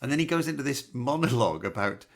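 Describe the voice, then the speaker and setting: A man hosting a radio show from a studio, talking casually and quickly, laughing easily as he tells stories. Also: mid-range voice, expressive, creaky. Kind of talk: singing, then casual chat. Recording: acoustic guitar under the song.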